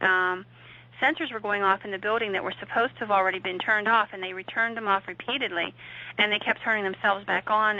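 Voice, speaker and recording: A woman guest tells a story with vivid suspense, her voice bright and clear. The audio is dull and lo-fi, with the top end rolled off. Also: medium pitch. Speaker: guest ghost investigator. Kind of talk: recounting a story in conversation.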